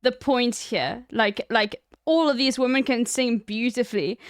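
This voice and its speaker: A woman's voice: fairly high pitch, unhurried, dry recording, clean studio sound. Chatty young South African woman streamer. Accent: South African, Cape Town. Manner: chatty, explaining with many "like" fillers. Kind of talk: casual chat with viewers.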